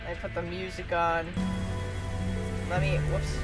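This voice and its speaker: A woman streamer reacting live, excitable, casual and swearing freely as she shouts and laughs. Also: on the low side, measured pace, loud music behind the voice.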